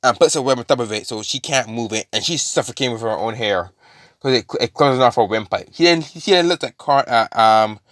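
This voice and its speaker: A man's voice: mid-range voice, a little fast, a bit bright, no echo, clean studio sound. A man casually retelling a fan-made story, rambling with many fillers and restarts.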